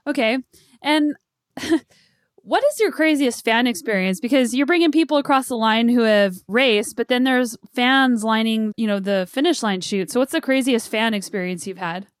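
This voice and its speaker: A woman's voice: a little high, moderate pace, no room sound, studio quality. A woman interviewer asking long questions that explain their own setup.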